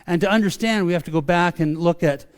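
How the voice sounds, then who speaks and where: A middle-aged male pastor delivers a sermon in a slightly high voice. He preaches in a loose, conversational way, doubling back on words and restarting his sentences as he goes. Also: fast, clean tone. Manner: calls his preaching a rant.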